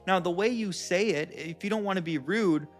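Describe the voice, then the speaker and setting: A man's voice: high-pitched, moderate pace, soft background music. A man giving blunt, casual advice straight to his viewers, calling them guys and bro. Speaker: self-help vlogger. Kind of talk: casual direct advice to camera.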